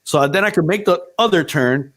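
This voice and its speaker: Profane, animated male storyteller, higher voice. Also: normal speed, a little hiss or hum. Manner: animated storyteller who swears freely and acts out other people's lines. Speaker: event DJ telling a story. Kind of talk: casual podcast chat.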